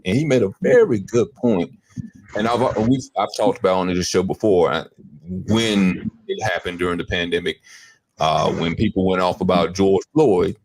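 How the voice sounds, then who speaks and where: A man's voice: low voice, moderate pace, slight background noise. A man hosting a show, casually talking through a clip he just played, rambling and reflective. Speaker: host.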